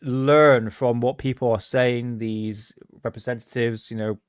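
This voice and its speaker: A man's voice: mid-range voice, steady tone, a little slow, clean tone, dry recording, clean studio sound. Chatty man hosting a live stream. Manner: chatty, hesitant, restarts, laughs often. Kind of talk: casual live-stream chat.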